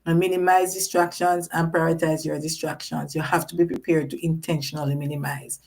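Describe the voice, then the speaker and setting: A woman with a somewhat low voice hosts a live-streamed panel talk. She leans hard on her key points, repeating phrases for emphasis. She also breaks off to read viewer comments aloud. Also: little pitch movement, a little fast, vocal fry, darkish tone, poor audio. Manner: reads out viewer chat comments. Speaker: host.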